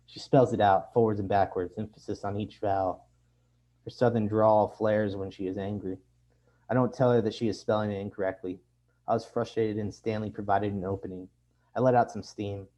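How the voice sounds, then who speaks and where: Low, dark-voiced man reading fiction aloud. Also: fairly even intonation, normal speed. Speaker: author reading his fiction. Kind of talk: literary reading.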